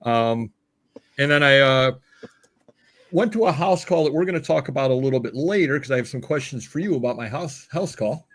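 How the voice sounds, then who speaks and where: A man's voice: mid-range voice, animated, fairly quick, fairly bright tone. A man hosting a casual live show, telling rambling anecdotes with plenty of filler words. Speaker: show host.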